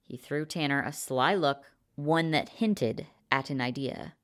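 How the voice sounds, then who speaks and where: Woman reading a short story, low voice, steady and even. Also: unhurried. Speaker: reader. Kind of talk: scripted story narration.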